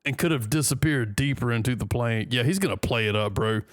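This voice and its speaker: A man's voice: medium pitch, no room sound, studio quality. A man from the United States reading a news story aloud and joking between lines in casual commentary. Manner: reads aloud haltingly, joking asides. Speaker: news reaction host.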